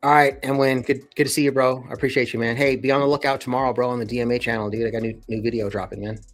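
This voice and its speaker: A man's voice: mid-range voice, flat delivery, very fast, faint music behind. A man hosting his channel in casual chat, telling a slangy, profane, rambling story. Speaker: channel host.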